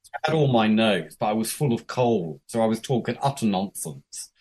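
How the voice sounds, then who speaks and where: A man, chatting as a podcast guest and telling a story with lively, freely swearing delivery and acted-out dialogue. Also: lowish voice, brisk, slightly rough. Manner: animated, swears freely, acts out quoted dialogue. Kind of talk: casual storytelling chat.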